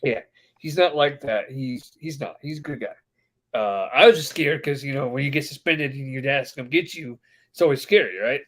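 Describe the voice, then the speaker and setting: A man chatting casually on a podcast as co-host, telling a story with lively, animated delivery and acting out the people he quotes. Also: mid-range voice, normal speed. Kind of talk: casual chat.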